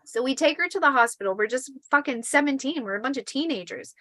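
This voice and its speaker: High-voiced woman telling a spooky story. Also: quick pace, no echo, low-quality recording. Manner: animated, swearing, acts out quotes. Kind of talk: casual storytelling.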